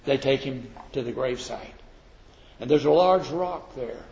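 A man preaching a sermon, swinging from loud declaiming to quiet, slow emphasis. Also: medium pitch, gravelly. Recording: echoey hall, dull lo-fi sound.

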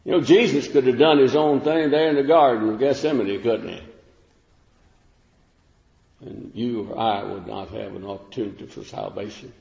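A man preaching a sermon in a folksy, unhurried way, with fillers and restarts. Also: mid-range voice, gravelly, darkish tone. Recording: echoey room with long reverb, dull lo-fi sound.

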